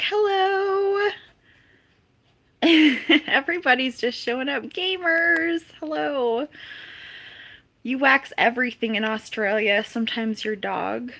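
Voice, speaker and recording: A woman's voice: fairly high pitch, bright, forceful tone. A woman hosting a casual live stream, chatting and laughing often as she reads and answers viewers' comments. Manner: giggly, laughs often between greetings. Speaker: livestream host.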